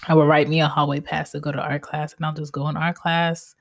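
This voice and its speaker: A woman with a low voice hosts a solo podcast from home, talking in a casual, candid way. She is blunt and swears freely as she talks through her own stubborn streak. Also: flat delivery, brisk. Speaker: podcast host.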